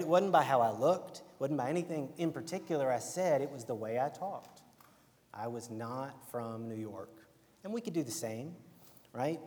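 A man's voice: mid-range voice, darkish tone. A young man with an Alabama accent giving a casual, conversational sermon, often checking in with "right?". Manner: conversational, keeps asking "right?". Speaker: preacher. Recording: long hall reverb.

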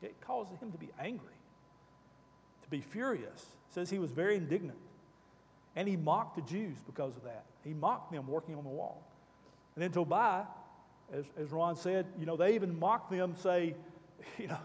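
A man's voice: fairly high pitch, lively intonation, normal speed, long reverb tail. A man leading a Bible study class, asking the group questions and reading scripture aloud.

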